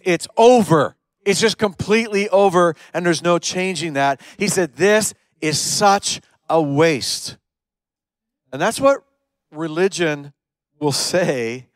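Pastor with a higher voice, dry sound. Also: male voice, no echo. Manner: storytelling preacher, swings between hushed and emphatic. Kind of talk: sermon.

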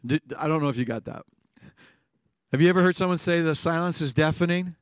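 A male pastor preaching a sermon, swinging between hushed lines and emphatic bursts. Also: on the high side, a little fast, smooth, no room sound, clean studio sound.

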